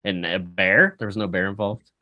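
A man's voice: low voice, fairly even intonation, normal speed, dry recording, highs cut off. A man co-hosting a podcast in casual chat, joking and asking puzzled questions. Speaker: podcast co-host.

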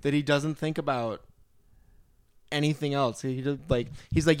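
A man's voice: a little high, steady tone, normal speed, smooth, dry recording, clean studio sound. A man co-hosting a casual movie podcast, eagerly retelling scenes and acting out the quotes. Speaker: podcast co-host.

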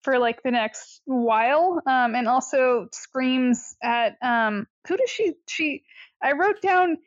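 High-voiced giggly woman chatting. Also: animated, takes it slowly, no room sound, highs cut off. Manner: giggly, with lots of fillers and playful put-on voices. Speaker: podcast co-host. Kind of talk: casual chat.

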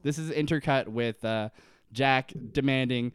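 A man in casual podcast chat, retelling a story and slipping into quick impressions of each character. His voice is smooth and clean. The sound is close and dry, with no room around it. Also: mid-range voice, steady tone, dry recording. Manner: laughing, swearing, acting out quotes. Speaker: podcast co-host. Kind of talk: casual episode recap chat.

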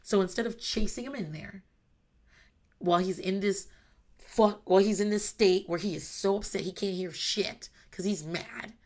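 A woman's voice: mid-range voice, normal speed. A mother in her thirties talking candidly about parenting, blunt and emphatic, swearing freely. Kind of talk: casual monologue.

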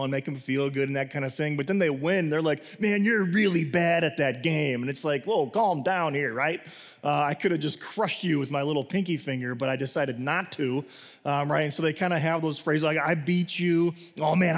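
A man's voice: medium pitch, in a large hall. A man preaching a casual sermon as pastor, talking conversationally with many fillers and restarts.

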